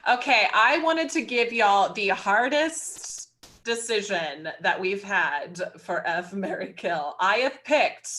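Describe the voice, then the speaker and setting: Bright-voiced woman hosting a chat. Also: medium pitch, lively intonation, slow pace. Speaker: host. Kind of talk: casual chat. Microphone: video call.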